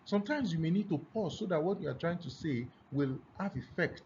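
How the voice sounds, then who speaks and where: A Nigerian man teaches a classroom lesson on public speaking, emphatically and deliberately varying his pitch and loudness, going loud and then quiet on purpose. His voice is slightly high, and the dull lo-fi recording carries a faint hiss.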